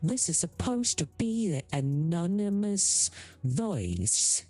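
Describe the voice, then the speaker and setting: A woman's voice: on the low side, sing-song, slow pace, mellow. Woman streamer through a voice changer. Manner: baffled, swearing mildly, laughing at own voice. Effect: voice changer filter. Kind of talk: casual chat, testing a voice changer.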